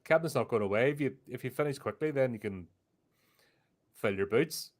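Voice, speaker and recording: A man's voice: mid-range voice, animated, brisk. Wry man in casual podcast chat. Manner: chatty, wry, tells things at length. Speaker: podcast co-host.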